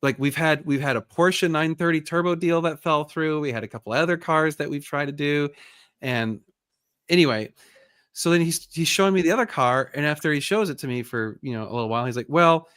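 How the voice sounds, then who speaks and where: A man hosting a casual live chat, telling a story with lively bursts and frustrated sighs. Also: a little high, brisk, clear, resonant tone, no room sound, studio quality. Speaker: host.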